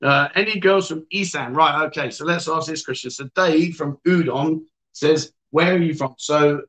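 Brief: male livestream host, playful banter, reads comments, higher pitch. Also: normal speed, a bit bright, rough recording. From England. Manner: teasing, joking banter with guests. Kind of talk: casual livestream chat reading viewer comments.

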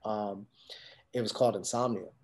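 A man's voice: fairly low pitch, fairly even intonation, moderate pace, a little mellow. A man telling a story in casual conversation, acting out quoted dialogue with lots of fillers. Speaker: guest telling his career story.

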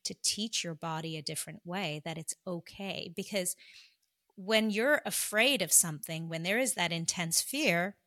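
A woman guest, a doctor, telling a personal story in an earnest, confessional way, slowing down for emphasis. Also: on the low side, sharp tone, no room sound, clean studio sound.

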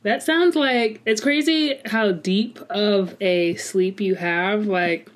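A woman co-hosting a casual podcast chat, talkative and quick to laugh. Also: medium pitch. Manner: chatty, laughs often, talks to herself by name.

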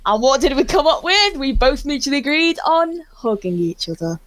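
A woman telling a story as an interview guest, excitable and rambling, often laughing. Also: high-pitched, normal speed, no echo.

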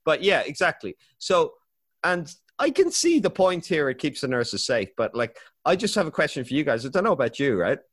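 Animated, swearing male podcast host. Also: fairly high pitch, fairly quick. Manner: swearing, laughing, animated rants. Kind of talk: casual chat.

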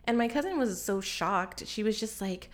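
A woman in her forties hosting a podcast, telling a story to friends in a casual chat. She is animated, laughs often and fills her talk with "like". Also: mid-range voice, moderate pace. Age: 40s. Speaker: podcast host.

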